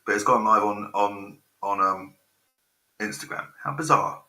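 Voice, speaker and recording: A man's voice: lowish voice, fairly even intonation, unhurried, sharp tone. A man in his forties hosting a rambling live stream, swearing freely and getting sidetracked by technical trouble. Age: 40s. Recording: roomy echo.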